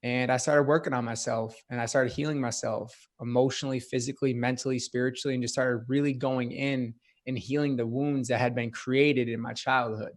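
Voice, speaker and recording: An earnest young man recounts his past as an interview guest. He speaks casually, filling pauses with "like", at an average pitch. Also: flat delivery. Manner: earnest, frequent "like" fillers. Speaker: podcast guest. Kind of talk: personal storytelling interview.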